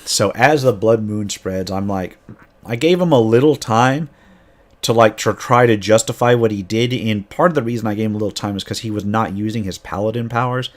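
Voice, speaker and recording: A man's voice: lowish voice, fairly quick. A man game master casually retelling a tabletop campaign, rambling with frequent restarts.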